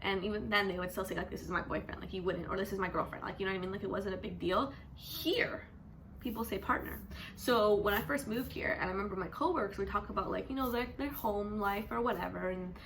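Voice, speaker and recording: Chatty woman vlogger with a bright voice. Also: mid-range voice, fast talker, creaky, a little hiss or hum. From Canada. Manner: chatty, animated, says "like" constantly. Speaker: teacher. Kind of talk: casual vlog chat.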